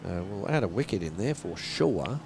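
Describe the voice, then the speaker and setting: A man's voice: sits low, very animated, moderate pace, gravelly. A man giving jokey, chatty live commentary at a local cricket match. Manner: jokey, chatty, laughs often. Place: outdoors at a cricket ground. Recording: outdoor stream with loud background noise.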